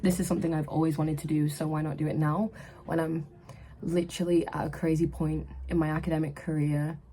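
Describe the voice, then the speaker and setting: A twenty-year-old woman from England, telling a personal story casually in her room, animated and full of "like" and "literally". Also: low-pitched, a little fast, a little hiss or hum, poor audio. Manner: animated, breathless retelling with lots of "like" and "literally". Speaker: vlogger. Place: her own room at university.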